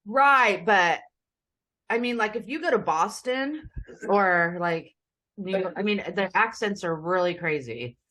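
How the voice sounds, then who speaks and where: A woman's voice: mid-range voice, expressive, unhurried, bright, forceful tone. An American woman with a Philadelphia accent, chatting as an interview guest and rambling easily. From United States. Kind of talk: casual interview chat.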